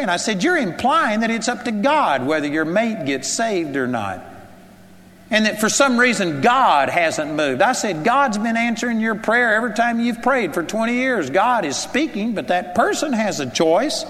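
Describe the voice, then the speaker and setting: A man's voice: high voice, expressive, moderate pace, a bit bright. A man preaching a sermon in an earnest, conversational way, asking his listeners rhetorical questions. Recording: long hall reverb.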